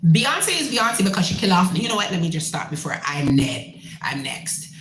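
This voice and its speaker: A woman from Canada, a musician hosting her own show, ranting in a blunt, profane and animated way. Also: on the low side, brisk, roomy sound, rough recording. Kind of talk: casual rant.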